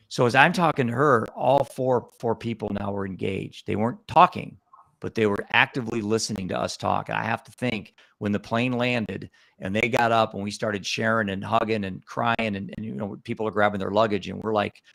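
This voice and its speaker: An earnest man tells a story with a low, gravelly voice. He is recorded close on a dry mic. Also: fairly bright tone, dry recording. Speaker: guest. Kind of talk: storytelling in a conversation.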